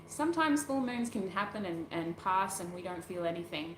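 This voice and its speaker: A woman's voice: medium pitch, normal speed, few pauses. A woman hosting a casual livestream, rambling as she answers viewer comments and laughing often. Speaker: tarot reader, channel host. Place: at home doing makeup. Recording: roomy echo, faint background noise.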